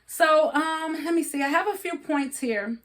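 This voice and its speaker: A woman's voice: high-pitched, moderate pace. A woman co-hosting a casual chat, giving earnest, coaching advice and laughing often. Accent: regional accent. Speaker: podcast co-host.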